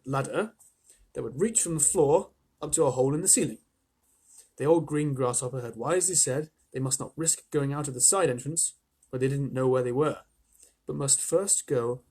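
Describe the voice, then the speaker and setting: A man's voice: mid-range voice, a little mellow, husky. A man reading a children's book aloud live, with playful, chatty asides. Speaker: storyteller.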